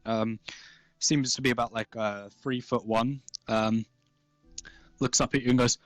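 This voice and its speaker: A man narrating as game master in a casual, halting way with many fillers. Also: medium pitch, steady tone, no echo, faint music behind.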